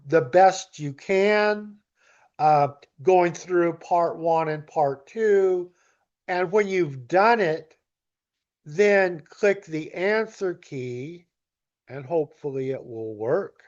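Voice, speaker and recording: A man with a slightly high voice explains a grammar exercise at a very slow, deliberate pace. He sounds like a patient teacher talking students through each step. The recording is dull and lo-fi. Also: a little mellow. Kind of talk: recorded grammar lesson walkthrough.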